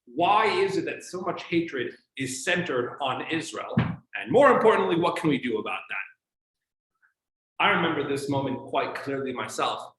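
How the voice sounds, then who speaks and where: Rabbi guy giving a class, kinda high bright voice, echoey room, showman vibe. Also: lively intonation, moderate pace. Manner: showman-like, addresses audience as ladies and gentlemen. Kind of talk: evening lecture with jokes.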